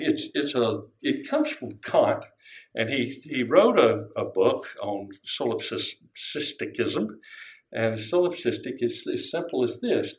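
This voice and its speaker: An older man preaching a conversational sermon, often asking his congregation questions. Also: medium pitch. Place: church sanctuary. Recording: echoey room.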